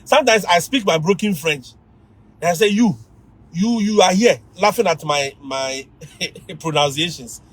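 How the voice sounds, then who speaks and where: A man with a Ghanaian accent, a teacher giving lively advice to fellow teachers on a livestream, often laughing and mimicking students. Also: high voice, measured pace, rough recording.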